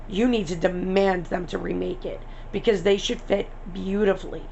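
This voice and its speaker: A woman's voice: mid-range voice, creaky, slight background noise. A young woman from New York, a denture vlogger, talking to camera in a blunt, chatty, rambling way with asides and mild swearing. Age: young adult. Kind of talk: casual chat to camera.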